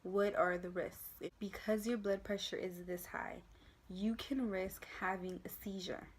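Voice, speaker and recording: A young woman telling her pregnancy story in a casual vlog, acting out the people she quotes in lively voices. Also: mid-range voice, unhurried, slightly rough. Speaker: vlogger.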